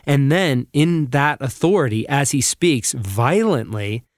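A man leads a reflective Bible teaching on a podcast, reading passages aloud slowly and earnestly. His voice sits at an ordinary middle pitch. The sound is dry and close to the mic. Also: expressive, dry recording. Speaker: podcast co-host.

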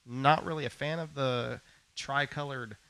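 A man's voice: mid-range voice, steady tone, a little slow, bright, forceful tone, smooth. A man from Arkansas co-hosting a podcast, chatty and casual, trailing off and restarting. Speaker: podcast co-host. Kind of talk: casual chat.

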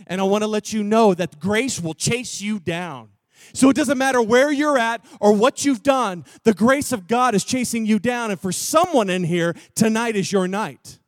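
A man's voice: sits high, moderate pace, dry recording, clean studio sound. A man from Texas preaching a sermon, telling a story in a loose, slangy way with offhand asides. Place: church gathering room.

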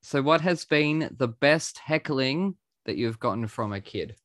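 Playful podcast host, dry close sound. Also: male voice, medium pitch, expressive, a little slow, fairly bright tone, no echo. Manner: playful, swears casually. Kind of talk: casual chat, interviewing.

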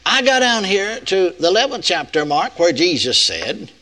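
A man's voice: high voice, sing-song, moderate pace, pushed and bright. An older man, preaching a sermon with folksy, playful asides to the audience. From United States. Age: 60s.

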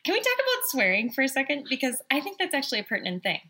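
A woman's voice: high-pitched, wildly swooping pitch, racing, pushed and bright. A woman co-hosting a casual talk show, chatting and quoting scripture conversationally. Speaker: podcast co-host. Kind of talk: casual faith chat.

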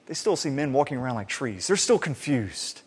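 A man preaching a sermon in an animated way, acting out the people he quotes. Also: mid-range voice, normal speed, husky. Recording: reverberant hall sound.

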